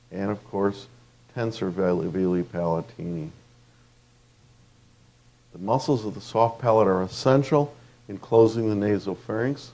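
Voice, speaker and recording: A man lectures on anatomy in a low, darkly mellow voice with a gravelly edge. He talks loosely and conversationally, breaking off into stories with fillers and restarts. It sounds like a teacher speaking to a room of students. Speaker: dental lecturer.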